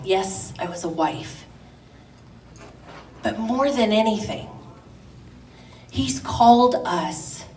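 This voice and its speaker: A middle-aged woman of medium pitch preaches a sermon to a women's gathering, passionate and rising to emphatic declarations. It was recorded in an echoey church hall with a distant mic and slight background noise.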